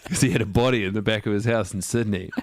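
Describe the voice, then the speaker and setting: A man co-hosting a comedy podcast, chatting casually with playful, quick jokes and long riffs. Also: fairly low pitch, slight background noise. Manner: playful, quick to joke and riff. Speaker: podcast co-host.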